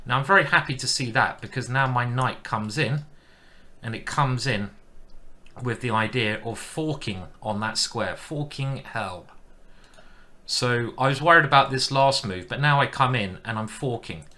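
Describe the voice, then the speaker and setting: A man's voice: medium pitch, moderate pace, sharp tone. A man giving chatty live-stream commentary on his own chess game, thinking aloud and poking fun at himself.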